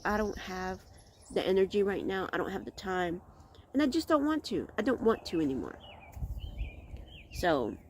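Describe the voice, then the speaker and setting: A middle-aged woman talks straight to her vlog audience outdoors in a slightly low voice. She is candid and rambling, and often restarts her sentences. Faint birdsong and outdoor ambience sit quietly behind her. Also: a little hiss or hum. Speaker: vlog host. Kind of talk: casual reflective vlog monologue.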